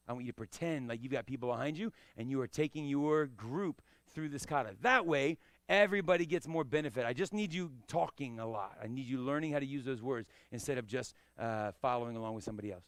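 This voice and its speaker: A man's voice: medium pitch, no echo. A man teaching a live karate class, coaching and encouraging, often checking that students understand. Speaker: karate instructor.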